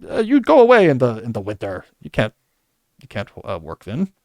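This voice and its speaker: A man's voice: medium pitch, huge pitch swings, brisk, a little mellow, no room sound. A man voicing a breezy, indulgent upper-class British boss with a mock English accent and a clipped, jovial drawl.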